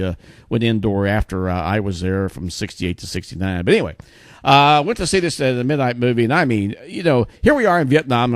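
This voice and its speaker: A man's voice: fairly low pitch, no echo, clean studio sound. A man in his sixties hosting his show, talking casually to viewers in a rambling way full of fillers and asides. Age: 60s. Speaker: show host.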